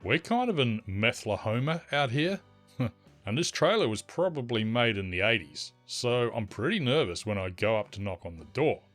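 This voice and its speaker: A man's voice: mid-range voice, sing-song, normal speed, fairly bright tone. A man reading out an online forum story in scripted narration, with wry, teasing asides. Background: faint music.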